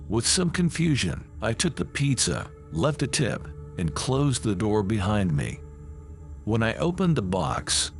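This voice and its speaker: Gravelly man narrating a horror story. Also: medium pitch.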